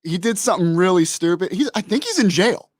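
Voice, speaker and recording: A man's voice: high-pitched, animated, a little fast, no echo, studio quality. A man in his thirties, a podcast guest in casual chat, laid-back and chiming in with short replies. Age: 30s.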